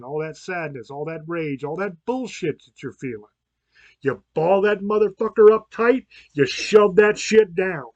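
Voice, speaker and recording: A man's voice: high voice, darkish tone, no room sound. Brief: fired-up podcast host, man, crude and blunt, dry close sound. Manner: blunt, swearing, worked up. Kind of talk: profane podcast monologue.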